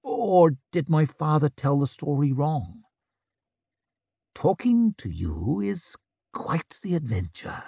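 A man's voice: a little high, very animated, slow pace, gravelly, dark tone, breathy edge, no echo, studio quality, pitched above the performer's own voice, exaggerated voice. A man voicing a brash young woman chieftain who needles and teases in a cheeky, mocking way.

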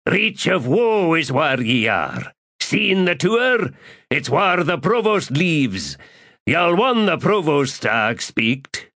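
A man voicing a frightened whiskered tavern keeper who speaks slowly in a rasping rustic dialect. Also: on the high side, big pitch swings, pushed and bright, voice pushed up, heavily acted. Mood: fearful.

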